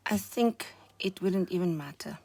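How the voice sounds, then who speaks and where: Woman, craft vlogger, soft murmured commentary, husky, slightly hoarse, lowish voice. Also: measured pace. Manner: soft-spoken, murmuring while working, frequent near-whispers. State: hoarse, recovering voice.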